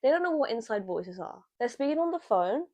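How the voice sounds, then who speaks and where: A woman's voice: fairly high pitch, very animated, brisk, mellow, dull audio. A woman chatting casually as co-host, sharing stories and agreeing often. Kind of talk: casual storytime chat.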